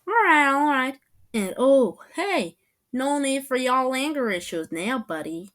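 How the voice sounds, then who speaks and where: A sore-losing big brother in a storybook, sulky and indignant, firing back at his sibling, as a woman reads his lines. The delivery is unhurried, with each protest drawn out. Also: sits high, very animated, a bit bright, pitched above the performer's own voice, exaggerated voice. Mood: smug.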